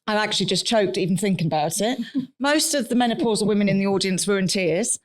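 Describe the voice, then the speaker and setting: A woman co-hosting a live podcast in a studio, telling stories in a blunt, animated way and swearing freely. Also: medium pitch, quick pace. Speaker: podcast co-host. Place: recording studio with a live audience.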